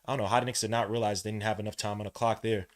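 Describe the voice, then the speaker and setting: A man hosting a live watch-along podcast, giving casual play-by-play in a relaxed, slangy way and jumping from hushed commentary to loud excited outbursts. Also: lowish voice, very fast. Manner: casual slang, talks to the listener like a friend. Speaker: podcast host calling a game.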